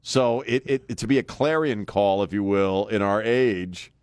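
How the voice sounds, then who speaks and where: A man with a very low voice hosts a talk radio show in a dry, close studio sound. He is blunt and jokey and laughs easily. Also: moderate pace, a little mellow, dry recording. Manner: blunt, joking, laughs often. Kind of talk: casual talk radio banter. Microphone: studio microphone.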